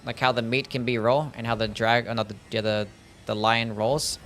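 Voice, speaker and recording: A man's voice: medium pitch, fairly even intonation, fairly quick, a bit bright, faint music behind. A man with an Australian accent, chatting casually to his viewers while streaming a game, joking and swearing freely. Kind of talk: casual gaming livestream chat.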